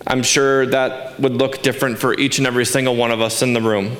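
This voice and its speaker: A man's voice: mid-range voice, level tone, brisk, a bit bright, reverberant. A man in his forties giving a sermon as pastor, earnest and emphatic, asking rhetorical questions. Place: church sanctuary.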